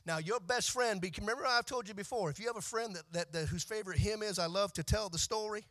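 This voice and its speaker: Male preacher, high bright voice, swings between soft reading and shouted sing-song exhortation. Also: fast. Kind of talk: sermon.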